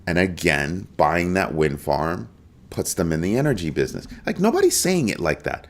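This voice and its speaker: A man's voice: sits low, big pitch swings, normal speed, vocal fry. A man hosting a live crypto show, talking emphatically and animatedly to his viewers and greeting people in the chat. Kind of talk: live-stream commentary.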